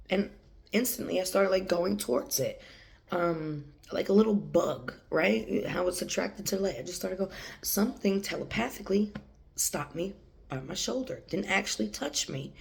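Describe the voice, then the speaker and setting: An adult woman who works as a channeler and has a young daughter rambles casually to camera in a medium-pitched, gravelly, darkish voice. She laughs often and now and then drops to a whisper.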